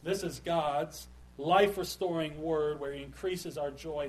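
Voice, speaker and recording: A pastor delivering a sermon with earnest, emphatic phrasing and slow pauses on key words. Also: male voice, on the high side, slight background noise, low-quality recording.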